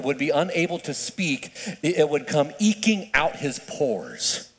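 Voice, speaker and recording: A fairly high-voiced man preaching in a lively, conversational way, his pitch swinging widely as he fires off rhetorical questions. He often stumbles and restarts mid-sentence. His voice carries a long reverb, as if from a large hall. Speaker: pastor. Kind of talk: sermon.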